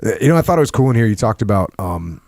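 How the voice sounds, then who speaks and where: A very low-voiced man who hosts a podcast interview. He asks things in a relaxed way, teases his guest and laughs along with him. The sound is dry and close. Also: rapid-fire, no echo. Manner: easygoing, teasing, laughs along. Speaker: podcast host. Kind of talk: conversational interview.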